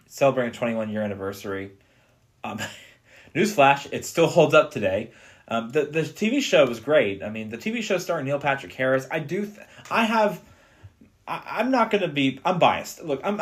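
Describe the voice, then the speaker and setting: Earnest man chatting about films. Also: mid-range voice. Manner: earnest, enthusiastic, with frequent restarts. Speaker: podcast co-host. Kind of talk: casual movie podcast chat.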